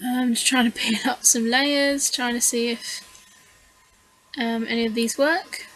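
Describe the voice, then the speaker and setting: A tired, yawning woman who hosts a scrapbooking channel narrates her process in a casual voice-over, rambling and hesitant with lots of fillers. Her voice is a little high, bright and slow, with fairly even intonation. The recording is low quality.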